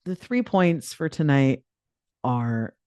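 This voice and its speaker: A woman's voice: extremely low pitch, animated, takes it slowly, a little mellow, no room sound, lo-fi sound. A woman life coach giving a live online coaching talk in a chatty, playful way, with lots of filler words.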